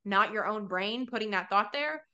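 Woman podcast host; bright, forceful tone, casual and rambling delivery. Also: mid-range voice, moderate pace, dull audio. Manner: chatty, rambling, heavy use of "like". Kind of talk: casual faith podcast chat.

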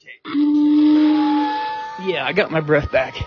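A man's voice: a little high, measured pace, highs cut off, loud music behind the voice. An older man talking to himself in a rambling, folksy personal monologue, full of restarts. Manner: folksy and rambling, plain-spoken with many restarts. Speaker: home recorder.

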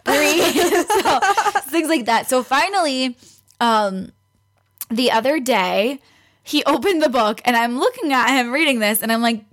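A chatty young woman with a slightly high voice tells a story in a relaxed interview. She slips into the voices of the people she quotes and laughs easily as she goes. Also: unhurried. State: pregnant. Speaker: guest. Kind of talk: casual storytelling.

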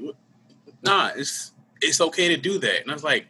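Bright-voiced man telling his story. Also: on the high side, lively intonation, normal speed, a little hiss or hum. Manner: candid, earnest, slangy. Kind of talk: casual conversation, personal storytelling.

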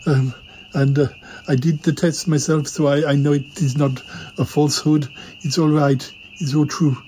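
A man's voice: a little high, flat delivery, normal speed, mellow, a little hiss or hum, poor audio. A man hosting a comedy podcast, talking in a flustered, stammering way. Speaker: podcast host. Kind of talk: comedic improvised chat.

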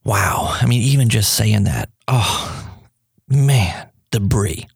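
Excitable New radio host, man. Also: slow, gravelly, husky, dry recording, clean studio sound. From New Orleans. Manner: enthusiastic, rambling, pitch jumps when excited. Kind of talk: radio talk about food.

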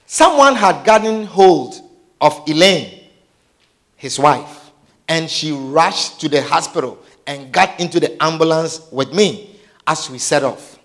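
Man preaching his testimony, high voice, slow and dramatic, goes from quiet to yelling. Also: animated. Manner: vivid, dramatic retelling that swings between hushed and shouted.

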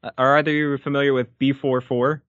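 A man's voice: medium pitch, little pitch movement, quick pace, a bit bright, clean tone, dry recording. Man, casual co-host, playful jokes, very dry close sound, dull lo-fi quality. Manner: joking, easygoing, playful. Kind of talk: casual chat.

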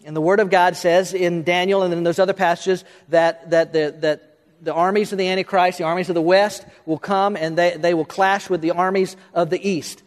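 A man preaching a Bible-study sermon, speaking quickly, with frequent restarts and filler words, and pushing up into questions he asks the room. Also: high-pitched, flat delivery. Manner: talks quickly, restarts and fills in with uh, rising to questions. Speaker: pastor. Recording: long hall reverb.

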